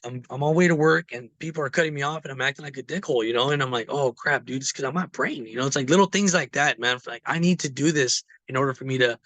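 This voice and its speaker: A man's voice: medium pitch, very fast, few pauses, a bit bright, no echo. A man telling his recovery story in a casual, rambling way, with many fillers. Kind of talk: casual personal testimony.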